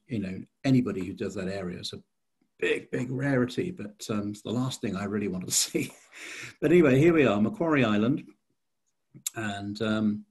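A man's voice: lowish voice, vocal fry, a little mellow, slightly rough. A man giving an illustrated slide talk as a society chairman, hesitant with many fillers and restarts.

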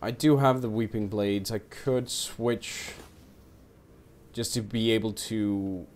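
A man commentating his own strategy game, getting excited and talking to his units. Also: on the low side, takes it slowly. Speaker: let's play streamer.

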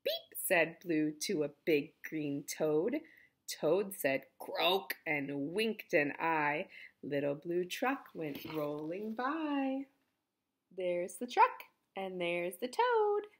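A woman reads a picture book aloud to children, her pitch swinging widely as she voices the animal sounds. She reads slowly and stops to chat with the kids about the pictures. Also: lively intonation. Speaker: children's story reader.

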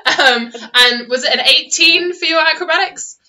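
A woman running a tabletop game as game master, narrating the scene with plenty of giggles and animated turns. Her voice sits a little high and sounds bright and clear. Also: normal speed.

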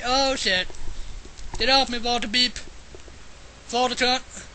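A man commentating his own gameplay, swearing and taunting a boss character, breaking into yelled bursts. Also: very high voice, fairly even intonation, slow pace, pauses often, slight background noise. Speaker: let's play gamer.

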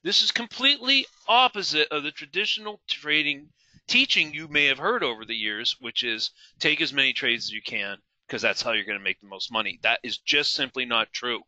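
A man's voice: a little high, bright, forceful tone, no echo. A middle-aged man teaching a live trading webinar, asking the audience questions and repeating key words for emphasis. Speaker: trading instructor.

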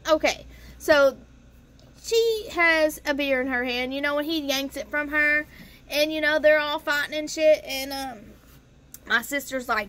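A woman's voice: sits high, a little slow, a bit bright. A young woman telling a casual, profane storytime vlog, chatty and talking straight to her viewers. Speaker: storytime vlogger.

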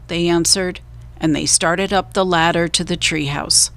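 A woman storyteller reading a children's book aloud, slow, clear and deliberate. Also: on the low side, steady tone, fairly bright tone.

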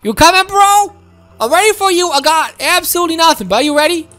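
Excitable high-voiced woman gaming. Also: fast talker, faint music behind. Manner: excitable, exclaiming, childlike. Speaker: game streamer. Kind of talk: playful gameplay commentary in character.

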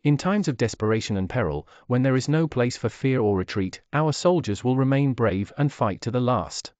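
A man voicing a gruff orc chief with a gravelly, booming voice. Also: expressive, normal speed, a little mellow, no room sound, lightly acted.

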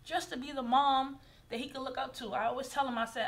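A woman's voice: high-pitched, steady tone, a bit bright. A woman, a business owner speaking in a casual, heartfelt interview chat in long run-on phrases. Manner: heartfelt, talks fast in loose run-on phrases.

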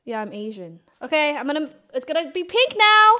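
Giggly high-voiced woman streamer. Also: very animated, a little fast, bright, forceful tone, rough recording. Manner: chatty, giggly, giving step-by-step directions. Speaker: streamer host. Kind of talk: casual live-stream chat.

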